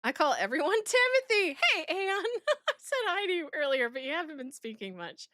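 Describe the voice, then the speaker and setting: A woman's voice: high-pitched, sing-song, moderate pace, pushed and bright, dry recording, studio quality. A woman streamer chatting casually with her viewers, giggling as she reads out chat messages. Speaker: streamer reacting to a video.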